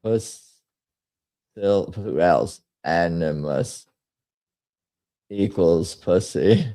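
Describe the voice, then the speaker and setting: A man's voice: low voice, drawn-out words, warm tone, dry recording. A man hosting a casual livestream, rambling and muttering to himself as he types up a poll. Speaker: host.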